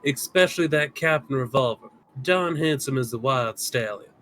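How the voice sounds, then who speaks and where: A man's voice: mid-range voice, moderate pace, a bit bright, rough recording. A man co-streaming a game, reading character lines and hamming up a put-on Southern accent. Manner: playful, drawls in a put-on Southern voice.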